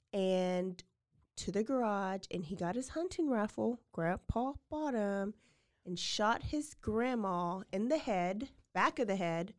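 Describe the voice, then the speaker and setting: Woman podcast host chatting thru a true crime story, mid pitch, lots of "like" and little acted quotes.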